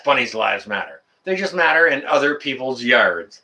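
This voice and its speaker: Excitable guy rambling to his live chat, bright voice, pitch jumping all over. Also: normal speed, gravelly, hardly any pauses. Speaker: livestream host answering chat.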